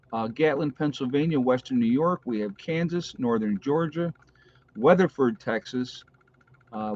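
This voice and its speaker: A man hosting a casual livestream, chatting with viewers and reading out their comments, with frequent pauses and fillers. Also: a little high, highs cut off. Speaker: livestream host.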